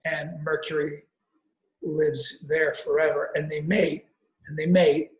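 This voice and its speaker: A man's voice: a little high, little pitch movement, slow, roomy sound, rough recording. A man telling a rambling, profane comic story on a podcast, with frequent restarts. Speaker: podcast guest or co-host.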